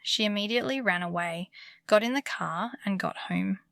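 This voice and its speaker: A woman narrates true scary stories in a calm, soothing bedtime manner. Her voice is bright and edged with a gravelly fry. The recording is close and dry, with no room sound. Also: medium pitch, normal speed, no echo. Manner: calm, comforting delivery. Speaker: horror story narrator. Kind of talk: scripted bedtime horror narration.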